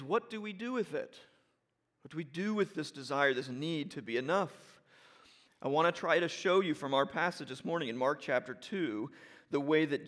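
Higher-voiced man preaching a conversational sermon. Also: fairly bright tone. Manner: conversational, often checks in with "right?" and "all right?"; repeats and restarts phrases while building emphasis. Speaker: pastor.

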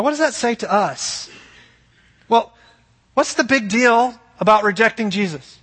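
A man preaching with a high, bright, slightly husky voice, earnest and emphatic. His sermon rings out in a large hall with a long reverb trailing each phrase. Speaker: pastor.

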